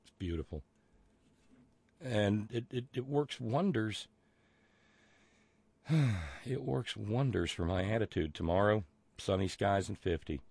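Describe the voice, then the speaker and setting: A man's voice: lowish voice, unhurried, creaky, pauses often, a little mellow, slightly rough, no echo. A man hosting a live talk show, reading listener messages aloud in a rambling, sardonic way with plenty of fillers. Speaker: show host.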